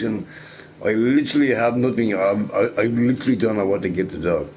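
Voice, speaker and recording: A man's voice: medium pitch, expressive, fairly quick, darkish tone, a little hiss or hum. A man chatting casually while playing a game, rambling and laughing, with lots of "you know" and "right". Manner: rambling, laughing, fond of filler words. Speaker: gamer.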